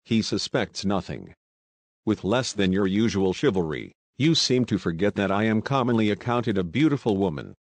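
Brief: cool, scornful schemer read by a man, calm and lightly mocking, low voice. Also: moderate pace, no room sound.

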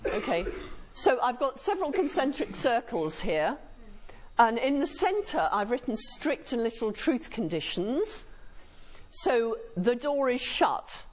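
A woman's voice: fairly high pitch, big pitch swings, unhurried. A woman lecturer giving a university lecture to a live audience in a lecture room, engaging them with frequent tag questions. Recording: muffled lo-fi lecture recording.

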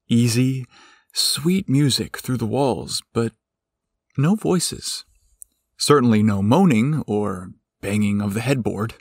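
Guy reading a story out loud, slow and expressive, pitch moves a lot, dry sound. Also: no room sound. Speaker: narrator. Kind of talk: scripted narration.

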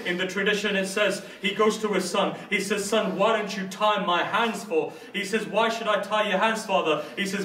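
High-voiced British preacher in an echoey hall. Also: male voice, a bit bright. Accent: British English. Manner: dramatic storytelling, voicing each figure. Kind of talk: majlis sermon narration. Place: mosque hall. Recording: echoey hall, distant mic.

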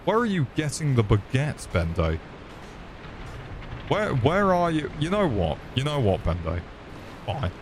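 A man's voice: medium pitch, huge pitch swings, slow pace, long pauses, noisy background. A man streaming a game, swearing often and joking with his chat. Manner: swearing, joking, chatting to viewers. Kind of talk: casual gaming commentary.

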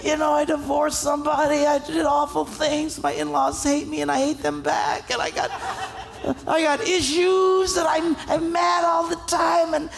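A man's voice: extremely high pitch, normal speed, creaky, voice pushed up, low-quality recording. A man putting on a whiny complaining churchgoer. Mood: exasperated. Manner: whiny, exasperated, shouting. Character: complaining man stuck in his troubles.

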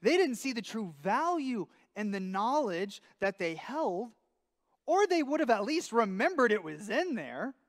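A man preaching a sermon, telling a story with lively acted-out dialogue. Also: very high-pitched, a little slow, long reverb tail. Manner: animated storytelling, acting out dialogue. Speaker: pastor. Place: church sanctuary.

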